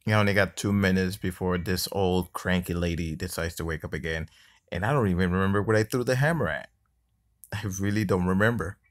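Recorded through a phone screen-recorder microphone, this clip has a man casually narrating his mobile gameplay in a deep, low voice with a fairly bright tone. He sounds fed up, cursing and grumbling at the game while occasionally mocking the enemy.

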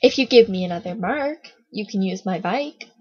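A sly, teasing boy who haggles for every coin, read by a woman in a storybook. The voice is husky and breathy, close and dry, on a dull lo-fi recording. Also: mid-range voice, animated, normal speed, a little mellow, dry recording. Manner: teasing, bargaining. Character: cheeky scheming village boy.

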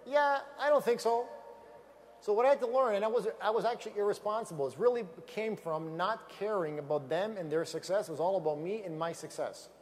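A man giving an energetic motivational talk on stage with slides, emphatic and repeating key phrases for effect. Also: high voice, fast talker, few pauses, long reverb tail. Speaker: business opportunity speaker.

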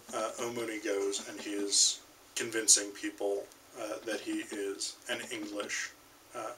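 A man talks through a literature lecture in a halting way, pausing on ums and restarting his sentences. His voice is bright and forceful. He sits some distance from the mic, with a faint hiss underneath. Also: medium pitch. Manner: hesitant, many ums and restarts.

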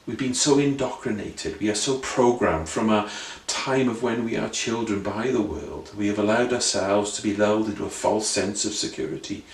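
A man's voice: fairly low pitch, normal speed. A man preaching an earnest sermon full of rhetorical questions and repeated phrases. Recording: roomy sound, voice from a distance.

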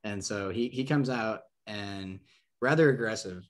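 His pitch fairly low and his delivery unhurried, a young adult man from Nebraska spins a long, casual tale as a podcast guest. The story rambles, is heavy on "like" and "um," and features lively impressions of the people involved.

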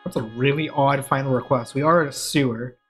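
Casual let's play host, self-mocking jokes, husky tone. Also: mid-range voice, steady tone, fairly quick, soft background music. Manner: chatty, joking, self-mocking asides. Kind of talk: casual gaming commentary.

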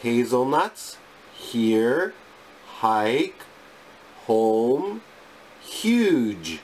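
A male English teacher reciting phonics sounds and words one at a time in a deliberate, clipped drill. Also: medium pitch, big pitch swings, a little mellow, slight background noise.

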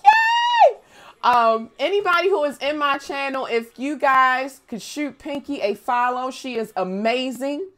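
A young woman live-streaming a game, chatting casually with viewers, playful and profane, breaking into loud squeals when she greets people. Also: high voice, a little slow, hardly any pauses, slight background noise. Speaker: gaming streamer.

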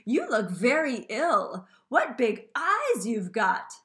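A woman voicing a cheeky, greedy little girl from a storybook, with a bright, emphatic delivery. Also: a little high, wildly swooping pitch, slow pace, exaggerated voice.

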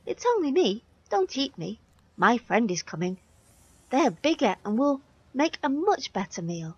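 A tiny young billy goat squeaks out his plea in a high, timid voice. A woman puts on this voice while reading a children's story aloud. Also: big pitch swings, unhurried, a little mellow, breathy edge, no room sound, dull audio, full character voice. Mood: pleading. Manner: high and pleading.

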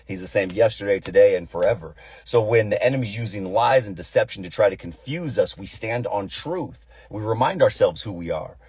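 A man's voice: fairly low pitch, lively intonation, fairly quick, hardly any pauses, a little mellow, breathy edge, no echo. A man giving an informal devotional Bible teaching, earnest and repeating phrases for emphasis.

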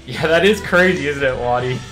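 Faint music plays behind a young Louisiana streamer whose voice sits a little high and moves at normal speed. He's chatty and laid-back, answering chat in a rambling style full of "like."

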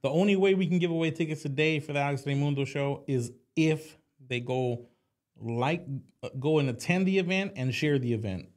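A man's voice: fairly high pitch, a little fast, darkish tone. A man co-hosting a local show, joking around in slangy casual talk and running the giveaway. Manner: joking, slangy, does silly voices. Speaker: co-host. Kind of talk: casual radio show banter.

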